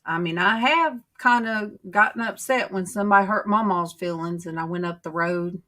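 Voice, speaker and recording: A middle-aged woman, rambling in homey, drawn-out stories as she chats casually with her livestream viewers. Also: medium pitch, sharp tone. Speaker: livestream host.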